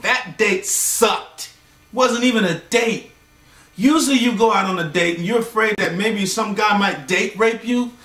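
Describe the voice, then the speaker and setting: A man's voice: sits high, a little slow, bright, forceful tone. A man doing a fed-up young woman, blunt. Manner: blunt, exasperated. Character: frustrated young woman on a bad date. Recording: echoey room, voice far from mic.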